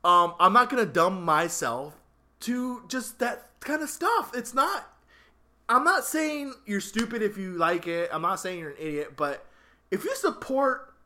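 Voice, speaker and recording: A man hosting a casual talk podcast, ranting in an exasperated, animated way. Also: sits high, measured pace. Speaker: podcast host. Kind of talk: casual opinionated chat.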